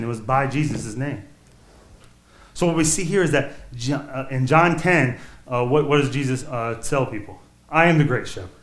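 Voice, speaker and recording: Male preacher, mid-pitch, casual conversational sermon delivery, reverberant room. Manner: casual, conversational preaching with many restarts and rhetorical questions. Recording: echoey room.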